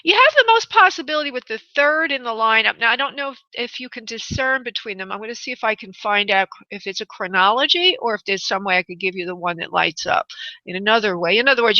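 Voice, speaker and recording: A woman from New York with a New York accent, hosting a live call-in radio show as a psychic medium, chatty and pausing to consult spirit. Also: medium pitch, pushed and bright, no room sound, lo-fi sound. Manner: chatty, pauses to consult spirit, laughs easily.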